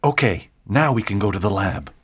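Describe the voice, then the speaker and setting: A woman reading aloud and voicing an eager, clever teenage schoolboy in a lowered, earnest tone. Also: lively intonation, a little fast, a little hiss or hum. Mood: hushed.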